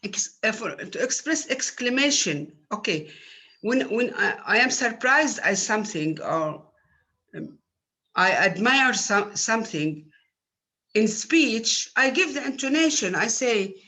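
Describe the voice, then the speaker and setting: A woman teaches at an unhurried, deliberate pace, pausing often on fillers as she explains. Her voice sits at an ordinary middle pitch, and her speech has the patient manner of a recorded university lecture. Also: expressive, bright, forceful tone.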